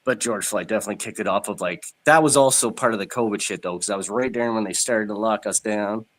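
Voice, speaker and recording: A man's voice: fairly low pitch, quick pace. Stuffy-nosed man chatting bluntly. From Canada. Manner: blunt, swearing, laughs often. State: stuffed up from a cold. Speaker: stream guest. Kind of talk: casual chat.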